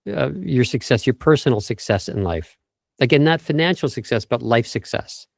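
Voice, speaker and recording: A man's voice: medium pitch, lively intonation, normal speed, vocal fry, no echo. Man coaching on voice, dry close sound. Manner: explanatory, lists tips, demonstrates speech habits. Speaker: vocal coach guest. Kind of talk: interview over video call. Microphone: video call.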